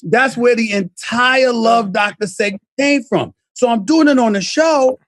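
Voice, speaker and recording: A man hosting a sports talk show, telling a story in an animated way, stammering and repeating words as he gets going. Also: very high-pitched, a little slow, dry recording, clean studio sound.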